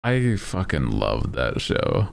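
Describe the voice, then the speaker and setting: A man chatting casually on a livestream, laid-back and rambling, with plenty of "like" and "dude." His voice is extremely deep and gravelly with slow, unhurried pacing. His pitch still swings a lot as he talks. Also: huge pitch swings, slight background noise. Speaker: streamer.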